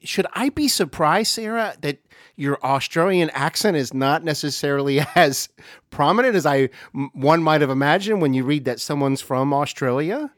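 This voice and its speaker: A man hosting an interview podcast, speaking in a friendly, complimentary way and filling pauses with uhs. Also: fairly high pitch, dry recording, studio quality. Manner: warm, complimentary, uses many uhs. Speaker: podcast host. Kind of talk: casual interview chat.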